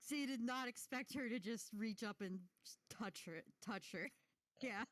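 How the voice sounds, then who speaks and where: A woman narrating as game master in a halting, giggly way with lots of fillers. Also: a little high, dry recording.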